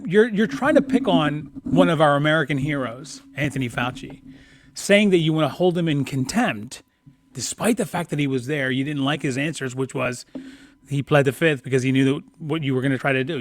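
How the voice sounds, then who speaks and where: A man streaming political commentary, ranting and mocking with lots of profanity. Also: fairly high pitch. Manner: mocking, profane, animated rants.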